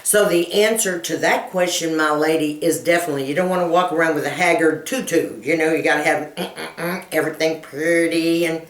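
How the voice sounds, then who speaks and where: Low-voiced woman in her 50s, chatty folksy coach, laughs a lot, echoey room, kinda far from the mic. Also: brisk. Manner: folksy, animated storyteller who laughs often. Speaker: lifestyle coach and channel host. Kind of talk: casual chat answering viewer questions.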